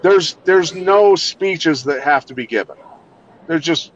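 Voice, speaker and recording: On a casual podcast, a middle-aged Iowan who trains fighters and police swears freely and speaks bluntly and emphatically. His pitch sits on the high side, and he talks slowly but animatedly. The sound quality is dull and lo-fi.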